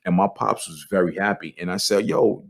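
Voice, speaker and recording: A man's voice: low voice, a little fast, gravelly, a bit bright. A man, hosting a podcast as a casual, candid monologue with profanity and frequent restarts. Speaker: podcast host.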